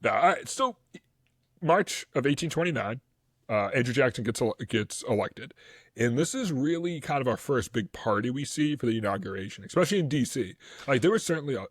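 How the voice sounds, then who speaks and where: A man's voice: medium pitch, brisk, breathy edge, no room sound. Guy rambling about history on a podcast, lots of ums, dry close sound. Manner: animated, rambling with fillers and laughs. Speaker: podcast co-host. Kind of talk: casual history podcast chat.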